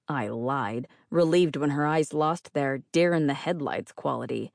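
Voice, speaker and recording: A woman's voice: deep voice, a little slow, gravelly, few pauses, darkish tone, no room sound. A woman narrating first-person fiction as an audiobook reader, with a wry, dry delivery.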